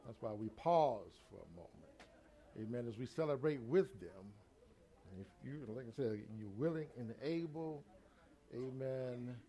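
An older preacher, speaking at an everyday middle pitch. He addresses the congregation in a call-and-response style, dropping amens between his phrases. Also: lively intonation, unhurried, mellow. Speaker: pastor. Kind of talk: church service address.

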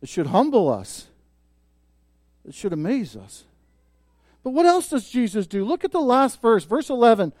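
High-voiced guy preaching, gets loud then drops real soft, dry close sound. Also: big pitch swings, normal speed, pauses often, no room sound. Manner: emphatic preaching, rising loud on key points and dropping soft. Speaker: pastor. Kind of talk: sermon.

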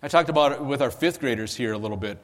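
A man's voice: mid-range voice, rapid-fire, fairly bright tone. A pastor preaching a conversational sermon, asking his listeners questions. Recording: long hall reverb.

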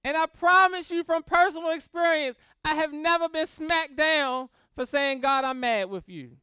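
A woman teaching a Christian class on grief in a lively, conversational way, often laughing and checking in with the class. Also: high-pitched, moderate pace, dry recording, clean studio sound. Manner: animated, laughs often, acts out prayers in quotes; checks in with "right?" and "okay?".

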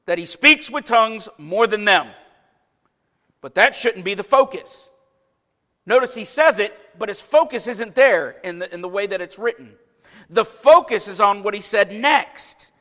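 High, bright-voiced preaching man. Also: animated, normal speed. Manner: emphatic preaching with rhetorical questions. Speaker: pastor. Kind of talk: sermon. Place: church sanctuary. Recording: long reverb of a church hall.

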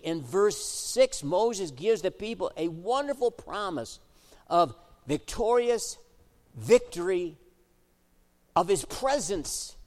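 A middle-aged man preaching a sermon in a high, bright-edged voice and at an unhurried pace. He moves from emphatic exhortation to relaxed, conversational storytelling. The long echo of a church sanctuary trails behind every phrase. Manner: swings from emphatic preaching to quiet, chatty storytelling. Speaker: pastor. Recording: echoey hall reverb.

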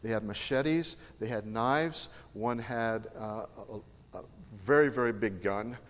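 A middle-aged man with a lowish voice and measured delivery preaches emphatically and earnestly, telling a personal story. The sermon echoes with the long reverb of a large hall.

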